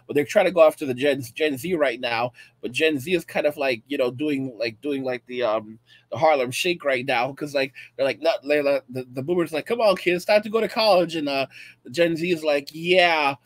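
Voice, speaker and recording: A millennial man from the United States giving a profane, animated commentary and acting out quoted voices. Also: medium pitch, a little fast, no echo. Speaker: commentator reacting to a video. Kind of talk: casual ranting commentary.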